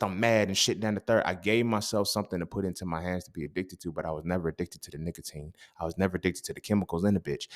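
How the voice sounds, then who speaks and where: A young adult man with a low-pitched voice hosts a podcast, delivering a casual, animated monologue full of profanity and street slang.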